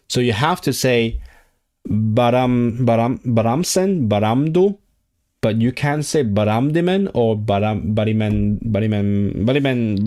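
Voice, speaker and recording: A man streaming himself as he studies a language, drilling phrases aloud in a halting, repetitive self-talk. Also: fairly low pitch, warm tone. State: sore throat. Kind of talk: casual livestream study session.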